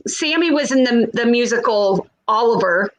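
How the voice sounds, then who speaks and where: A woman's voice: a little high, animated, moderate pace, low-quality recording. A woman chatting casually on a live stream, laughing easily. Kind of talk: casual chat.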